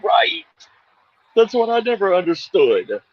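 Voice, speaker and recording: A man's voice: high voice, wildly swooping pitch, measured pace, breathy edge, muffled recording. A man co-hosting a casual live-stream chat show, laughing often and rambling.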